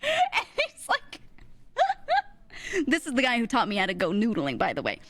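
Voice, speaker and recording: A young woman streamer telling a story in casual chat, animated, laughing often and full of fillers. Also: medium pitch, fast, no echo.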